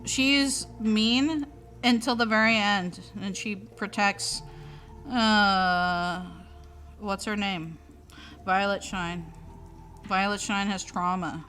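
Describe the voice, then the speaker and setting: A young adult woman hosting a casual stream, talking in an animated, exasperated way with a lot of swearing. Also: medium pitch, takes it slowly. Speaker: streamer host. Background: faint music.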